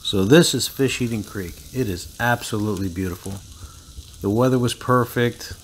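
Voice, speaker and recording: A man talks through his outdoor cooking in an easygoing, matter-of-fact voice of middle pitch. He drops in small practical tips as he goes. Clear noise sits behind him the whole time. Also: moderate pace. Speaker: cooking vlogger. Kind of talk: voice-over narration.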